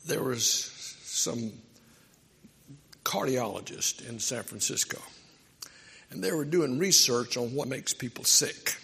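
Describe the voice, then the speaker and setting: A man's voice: medium pitch, lively intonation, slow, vocal fry, pauses often, pushed and bright, husky, in a large hall. A man preaching a sermon, telling stories in a conversational, emphatic way. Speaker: pastor.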